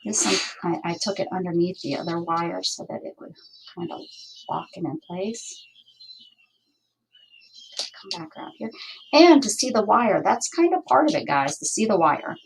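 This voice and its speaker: Gravelly-voiced woman chatting while crafting. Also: lowish voice, expressive, normal speed, long pauses, slight background noise, rough recording. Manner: chatty, thinking aloud while working, with asides and laughs. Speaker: crafting livestream host. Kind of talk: casual crafting chat.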